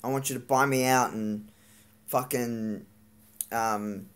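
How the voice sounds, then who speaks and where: A vlogger venting in a live-streamed rant, frustrated and swearing, with lots of halting fillers and restarts. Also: medium pitch, fairly even intonation, clear, resonant tone.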